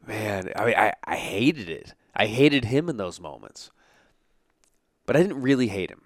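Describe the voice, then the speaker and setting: A man's voice: mid-range voice, animated, normal speed, dry recording, studio quality. Man in his thirties telling childhood stories. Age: 30s. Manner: rambling, full of "you know" and "like" fillers. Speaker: podcast host. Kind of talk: casual personal storytelling.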